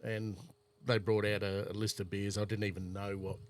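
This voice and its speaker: A man's voice: lowish voice, level tone, moderate pace. A man with an Australian accent, casually rambling through travel anecdotes on a chat podcast. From South Australia. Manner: rambling anecdotal storyteller, laid-back.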